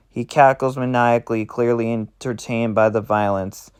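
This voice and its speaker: Smooth-voiced man reading a roleplay. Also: medium pitch, steady tone, normal speed. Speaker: roleplay narrator.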